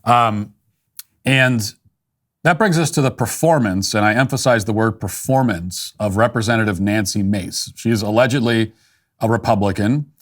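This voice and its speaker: A man's voice: lowish voice, normal speed. A man hosting a political commentary show, talking in a dry, dismissive way with frequent restarts.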